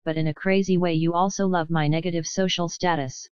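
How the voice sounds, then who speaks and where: A woman narrator voicing a blunt, quiet-spoken young college woman in an audiobook. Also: fairly low pitch, steady tone, fairly quick, clear, resonant tone, no room sound, dull audio, natural voice. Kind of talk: audiobook character reading.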